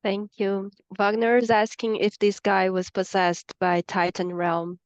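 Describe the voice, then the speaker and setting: A woman's voice: medium pitch, level tone, a little slow, clear, resonant tone, no room sound. Woman reading audience questions, dull sound.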